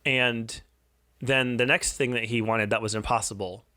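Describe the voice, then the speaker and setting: A man in his thirties, a podcast co-host, telling a personal parenting story in an earnest, confessional way, with restarts and soft, quiet stretches. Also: medium pitch, steady tone, moderate pace, no room sound, clean studio sound.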